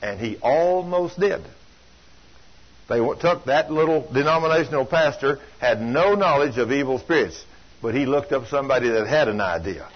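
An older man preaching a sermon, telling folksy stories that swing from loud to hushed. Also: mid-range voice, lively intonation, moderate pace. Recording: dull lo-fi sound.

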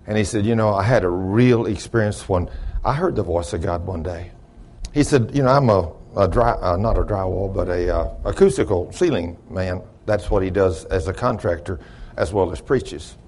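A middle-aged man, preaching and telling a long story in a sermon. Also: on the low side. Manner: shouts praise, then drops to quiet storytelling. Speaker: pastor.

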